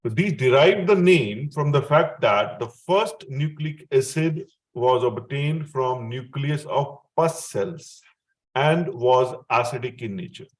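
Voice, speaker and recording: A man's voice: mid-range voice, lively intonation, slow pace. Indian-accented man, patient chemistry tutor, mid-range voice, checks in with the student. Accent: Indian English. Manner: checks in with the student often, chuckles at his own remarks. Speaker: chemistry teacher. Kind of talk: explanatory classroom lecture.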